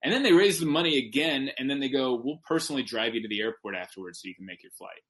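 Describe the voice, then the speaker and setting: A male comedian tells a story as a podcast guest, talking casually with an animated, emphatic delivery. His voice is bright and forceful at an ordinary male pitch, and he often corrects himself mid-sentence. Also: quick pace.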